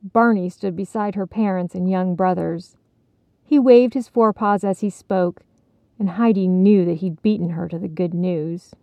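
A woman narrating a children's storybook in a measured, gently expressive way, in a dull, dry recording. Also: on the low side, no room sound.

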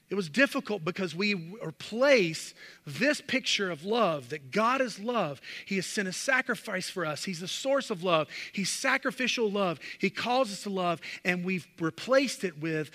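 A man's voice: high-pitched, lively intonation, a little slow, sharp tone. A male pastor preaching a sermon, emphatic and full of rhetorical questions, in a church sanctuary. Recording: long reverb of a large hall.

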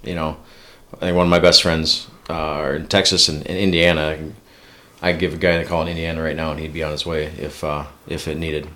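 A man in his thirties from Minnesota with a very deep, low voice, chatting as a podcast guest. He tells his story casually and slips into the voices of people he's quoting. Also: level tone, fairly quick, pushed and bright. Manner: storytelling, acts out remembered dialogue. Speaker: podcast guest, police officer and Marine veteran. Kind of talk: casual chat.

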